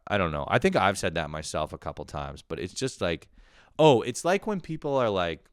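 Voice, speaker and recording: A man's voice: low voice, big pitch swings, brisk, smooth, no room sound, studio quality. A young man delivering a casual comedic monologue, rambling and exasperated, swearing as he rants. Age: young adult. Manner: profane, rambling, exasperated ranting. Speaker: comedian podcast host.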